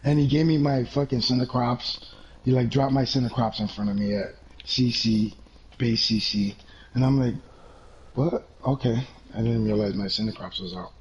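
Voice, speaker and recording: A man's voice: medium pitch, moderate pace. A man chatting casually about a game with a friend, laid-back and swearing often. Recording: dull lo-fi mic with faint hiss.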